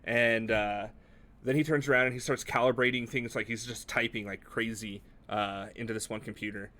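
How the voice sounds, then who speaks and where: Man, game master, low voice, casual narration with fillers. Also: fairly even intonation, normal speed, bright, forceful tone.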